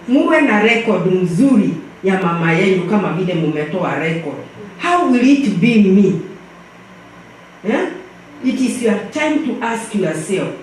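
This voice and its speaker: Heard from far away in an echoey church hall, an older woman with a Kenyan accent delivers fervent, preacher-style words at a memorial service, saying "praise the Lord" again and again. Her voice is mid-range, and there's a little hiss or hum.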